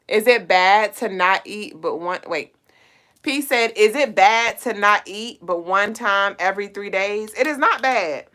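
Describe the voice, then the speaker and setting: A woman's voice: medium pitch, animated, measured pace, fairly bright tone. A woman hosting a casual livestream, reading out viewer comments and talking straight to her chat in a loose, playful way, with speech.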